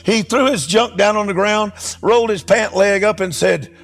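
A middle-aged man, a preacher telling a testimony in a sermon with animated, emphatic delivery. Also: high voice, moderate pace, hardly any pauses, soft background music. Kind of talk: sermon storytelling.

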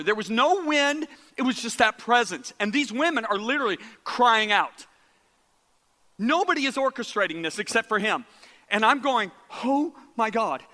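High, bright-voiced man preaching. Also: big-room sound. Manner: animated, repeats words, drops to hushed tones for quotes. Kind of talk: sermon storytelling.

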